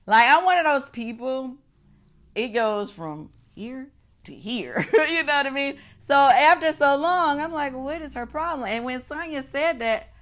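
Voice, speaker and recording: A middle-aged woman hosting a casual recap chat, animated and swearing, acting out her own reactions. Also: high voice, unhurried. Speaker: show host.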